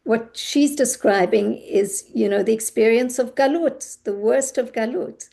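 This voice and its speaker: A woman's voice: on the high side, measured pace, creaky, dark tone. A woman teaching a class, speaking thoughtfully and searching for words with frequent restarts. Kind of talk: class discussion.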